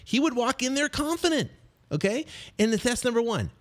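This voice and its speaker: A middle-aged man coaching on real estate deals in a casual motivational monologue, animated and repetitive, full of fillers, restarts and quick acted snippets. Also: extremely high pitch. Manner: acts out quick snippets of other voices.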